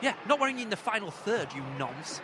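A young man with a high, lively voice who ribs his co-host with dry sarcasm between bursts of cheering. He talks from the stands out in the open, with heavy noise all around. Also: fairly quick. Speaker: football fan vlogger. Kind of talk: live matchday commentary and banter. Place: football stadium stands, outdoors. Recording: noisy outdoor stadium.

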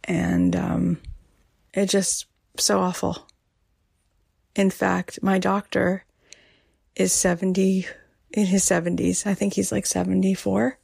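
A woman hosting a podcast, talking softly and emotionally, often dropping almost to a whisper. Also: mid-range voice, level tone, slow, creaky, pauses often, husky, no room sound. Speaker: podcast host. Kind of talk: personal podcast monologue.

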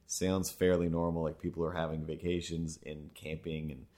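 A man with a very low voice co-hosts a chatty podcast. He rambles and jokes in a playful, loose way. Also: flat delivery, normal speed, dark tone. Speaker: podcast co-host. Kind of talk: casual podcast chat.

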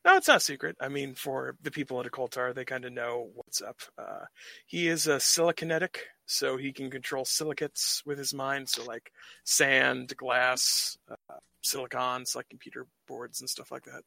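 A man's voice: medium pitch, moderate pace, vocal fry, pushed and bright, dry recording. An American man from the United States, a guest player chatting casually and joking with a ready laugh. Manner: jokey, laughs often. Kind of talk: casual chat.

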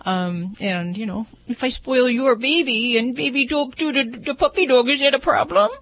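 A woman's voice: sits high, moderate pace, a bit bright. A woman veterinarian on a radio show, explaining things in an enthusiastic, upbeat chatty way. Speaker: veterinarian guest expert. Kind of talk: casual radio chat.

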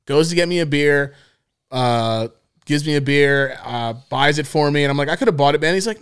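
A man's voice: on the high side, a little fast, clear, resonant tone. A young man co-hosting a podcast, telling a story in casual chat, acting out the quotes and laughing often. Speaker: podcast co-host.

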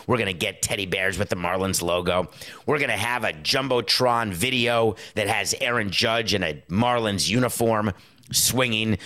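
A middle-aged man delivering a casual commentary monologue, lively and acting out quotes in put-on voices. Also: lowish voice. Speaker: sports and movie commentator.

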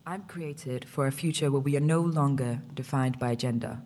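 A voice of unclear sex playing a genderless voice assistant in a recorded demo, with a measured, even delivery. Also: medium pitch, natural voice. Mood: calm.

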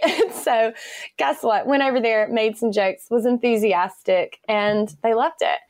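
A woman's voice: fairly high pitch, unhurried, no room sound, studio quality. An enthusiastic woman, chatting as an interview guest and laughing often. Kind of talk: conversational interview.

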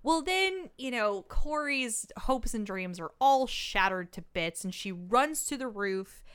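A woman's voice: fairly high pitch, unhurried, clear, resonant tone. A woman co-hosting a podcast, casually recapping a movie and acting out characters' lines as she tells it. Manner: animated storytelling, acts out quoted lines. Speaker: podcast co-host. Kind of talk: casual chat recapping a film.

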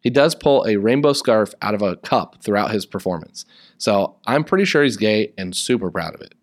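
A man's voice: on the low side, lively intonation, normal speed, dry recording, studio quality. A young man hosting a podcast in a casual, joking way, chatting wryly about a musical and its fan fiction. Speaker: podcast host.

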